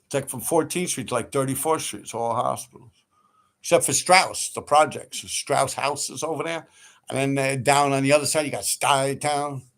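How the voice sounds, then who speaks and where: A man's voice: mid-range voice, steady tone, normal speed, fairly bright tone. A man who tells stories in a rambling, profane way on a livestream he hosts, laughing often. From New York City. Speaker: livestream host. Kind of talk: casual storytelling.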